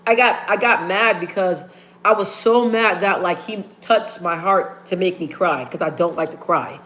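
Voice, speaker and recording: A woman's voice: on the low side, moderate pace, fairly bright tone. A woman hosting a casual livestream, talking straight to her viewers and repeating phrases for emphasis. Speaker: livestream host. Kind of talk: casual live-stream chat.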